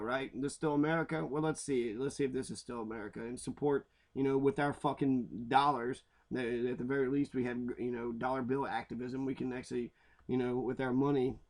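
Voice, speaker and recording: A man's voice: mid-range voice, darkish tone. A man giving a profane, heated, rambling rant while commenting on local news stories. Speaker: commentary vlogger.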